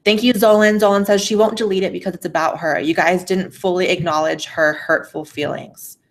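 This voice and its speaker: A woman hosts a casual livestream and reads viewer messages aloud in a blunt, profane, sassy way. Her voice sits a little low. Her microphone is faulty and keeps cutting out. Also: steady tone, brisk. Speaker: livestream host. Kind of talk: casual livestream chat, reading super chats.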